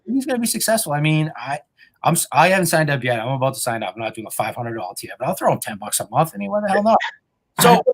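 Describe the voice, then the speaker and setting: A man co-hosting a podcast in casual chat, ribbing others with quick, profane banter. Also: on the high side, very animated, husky. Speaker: podcast co-host.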